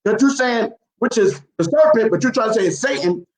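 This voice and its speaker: A man's voice: sits high, expressive, a little fast, reverberant, rough recording. A man in a heated religious debate, quoting scripture and repeating his points insistently.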